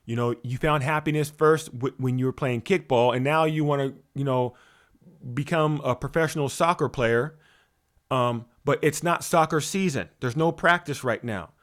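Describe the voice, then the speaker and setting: A man's voice: medium pitch, normal speed, fairly bright tone. A man giving a motivational talk as a spiritual coach, preachy and full of rhetorical questions, restarting and repeating words as he goes.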